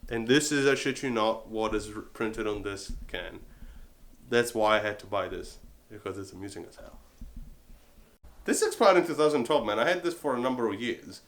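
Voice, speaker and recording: Relaxed, amused man from Italy. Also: on the low side. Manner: relaxed and easily amused, talks in loose halting phrases. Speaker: collector being interviewed. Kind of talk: casual interview.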